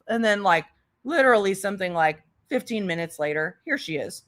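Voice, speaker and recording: In a mid-range, sing-song voice with a fairly bright tone, a woman comments over clips at a moderate pace as a YouTuber. Her remarks are blunt and sarcastic, aimed straight at the person she's criticizing.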